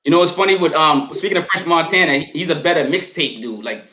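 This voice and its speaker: A man co-hosting a podcast, chatting casually and quickly, often repeating words and asking "you know what I'm saying". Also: a little high, expressive, bright, forceful tone, dull audio, slight background noise. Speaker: podcast co-host reviewing albums. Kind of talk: casual chat. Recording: echoey room.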